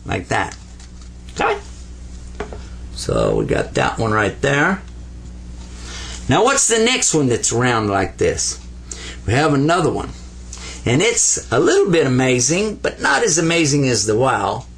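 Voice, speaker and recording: Husky, lively older male Arabic teacher. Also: medium pitch. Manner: patient, playful, repeats sounds slowly for learners. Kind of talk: whiteboard language lesson.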